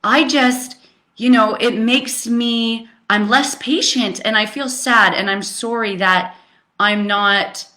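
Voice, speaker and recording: Woman coach chatting live, bright sharp voice, blunt and sweary, lots of um and like. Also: on the high side, fairly even intonation, slow. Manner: candid, emphatic, swears freely; rambling with frequent fillers and restarts. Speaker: relationship coach. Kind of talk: casual live coaching talk.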